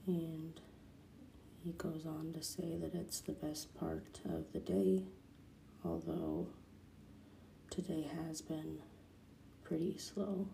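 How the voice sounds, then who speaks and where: A soft-spoken woman retelling a cartoon episode, at times dropping into a whisper. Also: low-pitched, lively intonation, slow, creaky, long pauses, reverberant, a little hiss or hum, low-quality recording. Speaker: narrator.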